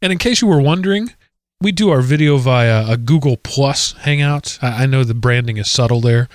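A man's voice: medium pitch, moderate pace, dry recording, clean studio sound. A man hosting a casual podcast, rambling into self-deprecating jokes. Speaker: podcast host. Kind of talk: casual chat.

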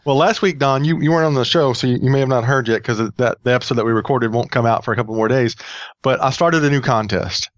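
A man's voice: medium pitch, fast talker, dry recording, highs cut off. A man hosting a casual podcast, rambling and joking with many fillers. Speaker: podcast host.

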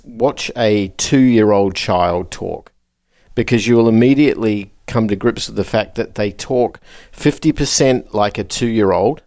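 A man with a lowish voice co-hosts a podcast, easing into relaxed stories and anecdotes. The sound is dry and close, with no room echo behind him. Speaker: podcast co-host. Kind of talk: casual chat.

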